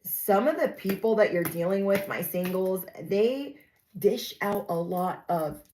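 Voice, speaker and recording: A woman's voice: medium pitch, animated, unhurried, darkish tone, slight background noise, low-quality recording. A young adult woman giving a casual, sassy spoken reading to her viewers, often acting out the people she describes. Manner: chatty, sassy, acts out quoted voices. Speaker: tarot reader.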